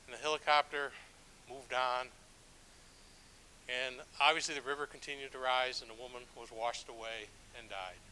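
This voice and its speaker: A man's voice: mid-range voice, steady tone, normal speed, bright, forceful tone, a little hiss or hum, rough recording. A middle-aged man, a church elder, preaching a sermon with stories in a conversational, self-deprecating way, with frequent restarts. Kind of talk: sermon with storytelling.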